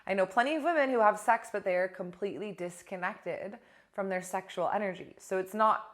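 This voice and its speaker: A young adult woman coach talking casually to camera in a blunt, animated way, swearing now and then. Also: mid-range voice, moderate pace. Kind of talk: casual direct-to-camera talk.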